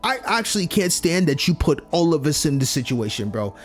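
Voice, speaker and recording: Excitable young streamer, slangy, lively pitch, faint music behind. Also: male voice, fairly quick. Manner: excitable, slangy, laughs often. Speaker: let's play streamer. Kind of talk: game commentary, reading dialogue aloud.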